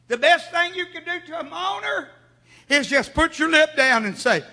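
A man preaching a sermon, calling on the congregation to answer him and rising to shouts. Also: very high voice, expressive, slow pace, gravelly, long pauses, long reverb tail. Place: church sanctuary.

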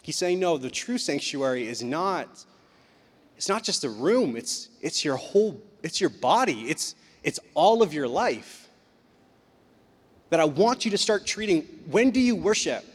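A young man preaching a casual youth sermon as a youth pastor, chatty and animated, acting out voices as he talks. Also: sits high, unhurried, slightly rough. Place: church sanctuary. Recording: long reverb of a hall.

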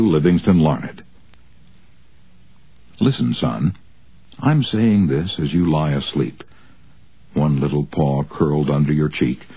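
A man reading a nonfiction audiobook aloud in an earnest, measured way with expressive rises. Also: extremely low pitch, husky, poor audio. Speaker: audiobook narrator.

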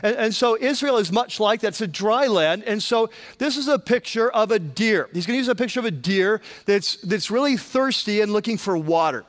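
A man's voice: high-pitched, expressive, normal speed, hardly any pauses. A man preaching a sermon in a loose, conversational way, with frequent restarts and asides to the congregation. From Southern California. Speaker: pastor.

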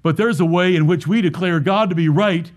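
A man's voice: sits high, fairly quick. A man preaching a sermon as pastor, emphatic, repeating lines and asking rhetorical questions.

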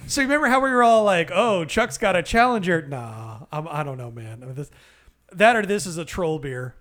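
Guy with a slightly high voice ranting about a bad beer, swears a lot, hams it up. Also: fairly quick. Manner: animated, profane, exaggerated storytelling. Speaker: podcast co-host. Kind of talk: casual beer-review banter.

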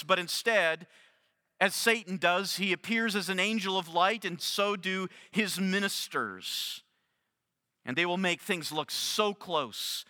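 A man preaching an expository sermon, earnest, with slow emphatic phrasing and frequent restarts. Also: high voice, bright, forceful tone. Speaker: pastor. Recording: long reverb of a hall.

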